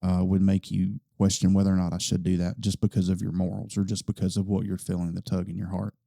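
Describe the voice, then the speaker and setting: A man's voice: low-pitched, flat delivery, fast, gravelly, warm tone, no echo, clean studio sound. A man hosting a podcast, telling a long-winded story in casual conversation with lots of fillers. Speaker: podcast host.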